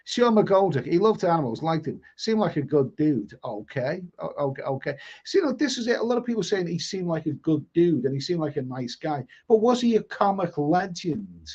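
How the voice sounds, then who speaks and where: A man's voice: a little high, big pitch swings, normal speed, few pauses, a little mellow, slightly rough. A middle-aged man with a Liverpool accent hosting a live stream, chatting casually and reading viewer comments, often stammering and repeating words. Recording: dull lo-fi stream audio.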